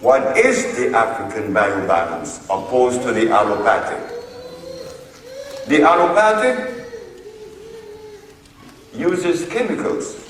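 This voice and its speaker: A man lectures slowly and emphatically, leaning into each point as he recounts a court case. His voice is picked up from a distance, with heavy echo and a long hall reverb. A faint noise sits underneath the recording. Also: mid-range voice, wildly swooping pitch, fairly bright tone. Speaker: herbal healer lecturer.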